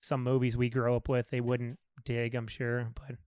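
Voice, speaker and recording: A man's voice: medium pitch, completely flat delivery, moderate pace, darkish tone, clean tone, no room sound, studio quality. A congested man hosting a casual podcast interview, easygoing and agreeable, with many fillers. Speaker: podcast host.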